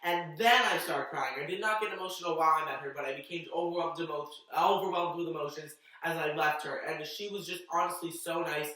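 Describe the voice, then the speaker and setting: A man's voice: fairly high pitch, fairly even intonation, fairly quick, hardly any pauses, sharp tone, recorded from a distance. Gushing young man in an echoey room. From Massachusetts. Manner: gushing, breathless fan enthusiasm. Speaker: vlogger. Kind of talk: excited storytime vlog.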